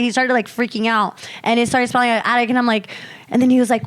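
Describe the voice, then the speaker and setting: Woman telling a story in lively chat. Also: on the high side, quick pace, clear, resonant tone. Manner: animated storyteller, swears freely, acts out friends' lines. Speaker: podcast co-host.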